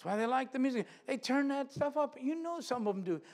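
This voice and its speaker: A man's voice: very high-pitched, lively intonation, fast, a little mellow. A man preaching a sermon in a church, earnest and repeating phrases for emphasis.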